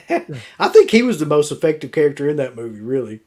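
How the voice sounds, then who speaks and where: A man with a slightly high voice talks horror films in a loose, opinionated way, tossing in casual swearing. He keeps an easygoing pace and chimes in often with short agreements. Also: huge pitch swings, brisk, warm tone. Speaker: co-host of a horror movie show. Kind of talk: casual chat reviewing a ranked list.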